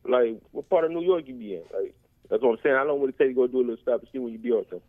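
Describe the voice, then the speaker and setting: A man's voice: medium pitch, very fast. Southern man calling in, tinny phone. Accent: Southern American. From Tennessee. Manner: laid-back, drawling, repeats his question. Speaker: caller. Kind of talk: phone-in call.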